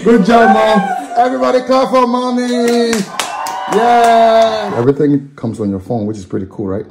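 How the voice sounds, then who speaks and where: A man's voice: very high voice, expressive, moderate pace, over loud music. A man in his thirties, a father cheering his family on in a playful home vlog. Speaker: father and vlogger. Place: home gym.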